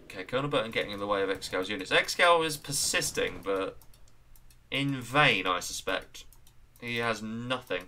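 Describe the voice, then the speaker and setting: A man with an English accent doing chatty, excitable live commentary on a strategy game match, greeting viewers along the way. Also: fairly low pitch, normal speed.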